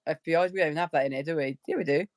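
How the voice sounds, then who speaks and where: A woman's voice: sits low, racing, over a noisy crowd. A woman, hosting a casual live-stream chat in a blunt, sweary way and laughing easily. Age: 40s.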